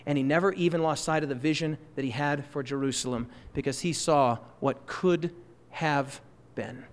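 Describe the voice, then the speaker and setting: A high-voiced man preaches an impassioned sermon, hammering his points with loud, rising bursts before sinking into slow, quiet asides. A long reverb from the church hall trails his words.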